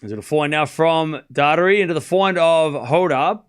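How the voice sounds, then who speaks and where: On a stream, a man offers casual play-by-play of a live tennis match as a watchalong, trading jokes and chat with his viewers. His voice is on the high side, clear, and resonant, and he talks fairly quickly.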